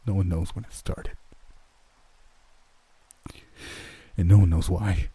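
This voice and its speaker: In a horror story reading, a man plays a broken old farmer who is haunted by loss and guards a secret. He speaks low and dark, with a husky edge, and his hushed voice quivers with held-back grief. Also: fairly even intonation, moderate pace. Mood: sorrowful.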